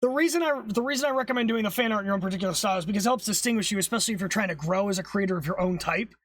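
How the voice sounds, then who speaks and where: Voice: medium pitch, racing, fairly bright tone, no echo. Streamer, casual stream chat, rambling, restarts, swearing, coughing, dry close sound. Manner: rambling, loses train of thought, restarts, swears. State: coughing, clearing throat. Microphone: streaming setup, private call.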